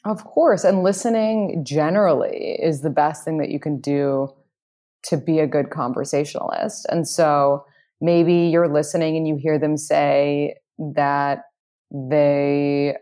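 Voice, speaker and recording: Woman, dating advice guest, low voice, outgoing, confident, casual chat. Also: warm tone. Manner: outgoing, confident, frequent "like" fillers. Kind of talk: casual conversation.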